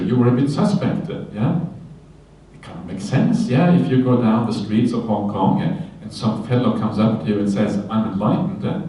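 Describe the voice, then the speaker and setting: Buddhist monk teaching at a retreat, mellow voice, casual with "yeah?" tags, heard from far off in a very roomy hall. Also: male voice, medium pitch. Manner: conversational, many fillers and "yeah?" tags, animated in quoted voices. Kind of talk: Dharma talk at a retreat.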